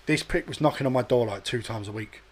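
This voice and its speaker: A man telling a sweary, animated story on a casual podcast chat, acting out other people's voices. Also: medium pitch, fast. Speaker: podcast host.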